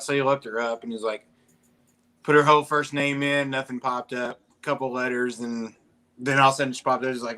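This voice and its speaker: A man's voice: mid-range voice, steady tone, quick pace, pushed and bright. A man co-hosting a casual live stream chat, animatedly retelling a story he heard.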